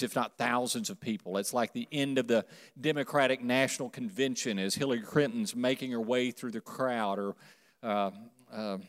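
A man pastor preaching a sermon to a congregation, swinging from quiet to loud and calling on them to repeat after him. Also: medium pitch. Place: church sanctuary. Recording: long hall reverb.

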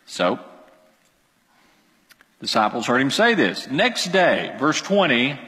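Animated preacher in an echoey hall. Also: male voice, medium pitch. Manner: animated, emphatic preaching with quick asides. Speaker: pastor. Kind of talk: sermon.

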